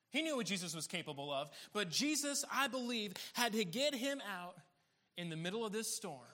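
A man preaching a sermon, laughing often and acting out the people in the story. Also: a little high. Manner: animated, laughing often, acting out quoted voices. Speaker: pastor.

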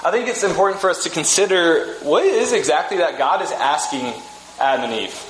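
A man delivers a sermon in a relaxed, storytelling way and often restarts his sentences. His voice sits a little high for a man. The room gives it a clear echo over a faint background hum. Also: a little fast. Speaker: pastor. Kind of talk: conversational sermon. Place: church sanctuary. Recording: echoey room with faint ambience.

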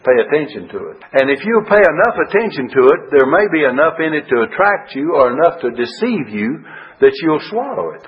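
A man's voice: a little high, sing-song, a little fast. A male preacher giving a verse-by-verse Bible sermon, earnest, asking rhetorical questions, with frequent uh fillers. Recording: dull lo-fi radio broadcast.

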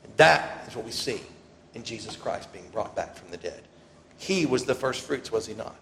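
Gravelly-voiced preacher in a reverberant hall. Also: male voice, lowish voice, animated, moderate pace. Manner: dynamic preaching, swelling loud on scripture quotes. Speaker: pastor. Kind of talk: sermon. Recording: reverberant hall, faint ambient noise.

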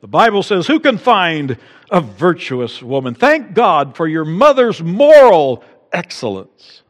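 Male pastor, sermon delivery, slightly high voice, emphatic rises; echoing church hall. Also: very animated, unhurried. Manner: preaching with rising emphatic peaks and acted-out quotes.

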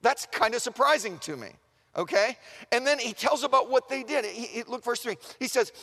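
A man preaching a sermon in an animated way, asking the room questions and acting out the voices he quotes. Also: extremely high pitch, moderate pace. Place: large chapel. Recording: long reverb of a large chapel.

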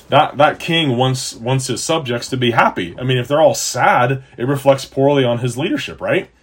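Husky-voiced man preaching earnestly. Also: mid-range voice. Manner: earnest, emphatic, rises and drops in loudness. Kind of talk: sermon-style teaching.

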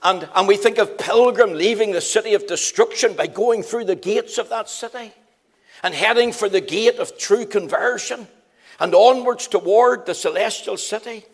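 A man preaches with fervour, doubling his phrases for stress. His voice sits high, climbing into ringing calls and then dropping to hushed asides. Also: moderate pace. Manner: emphatic, repeats phrases for stress; swings between loud rising calls and low quiet asides. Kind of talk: sermon.

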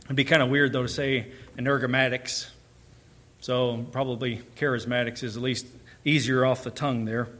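Bright-voiced emphatic man preaching. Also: mid-range voice, level tone, moderate pace. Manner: emphatic, building in intensity on repeated phrases. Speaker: pastor. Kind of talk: sermon.

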